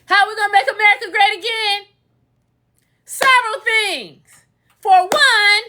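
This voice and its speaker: A woman rants casually to her live viewers through a phone. Her voice sits high and sounds bright and forceful. She leans on emphatic, sing-song repetitions to drive each point home. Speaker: livestreamer and real estate instructor. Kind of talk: casual livestream rant.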